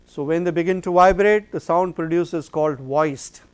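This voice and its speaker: High-voiced man giving a phonetics lecture. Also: moderate pace, smooth. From India. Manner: explains step by step, asks and answers own questions.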